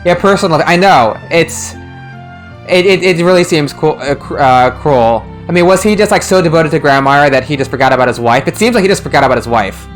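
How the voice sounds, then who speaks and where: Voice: mid-range voice, fairly quick, soft background music. A streamer casually chatting about a game's translation, rambling with lots of restarts and laughter. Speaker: streamer, translation discussion host.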